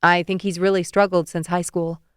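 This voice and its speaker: A woman voicing a caring, fussing middle-aged mother on the phone, brisk and gently teasing. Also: on the low side, level tone, clean tone, no room sound, studio quality, natural voice. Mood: motherly.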